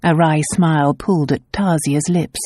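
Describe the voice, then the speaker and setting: A woman narrating a romance novel audiobook in a calm, measured way. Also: low voice, no echo. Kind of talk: scripted narration.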